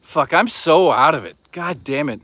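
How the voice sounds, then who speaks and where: A man's voice: on the high side, expressive, normal speed, bright, forceful tone, dry recording. Chatty man streaming from a hike. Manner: rambling, profane, chatty with viewers. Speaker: livestream host. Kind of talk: casual livestream chat. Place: outdoors on a hike.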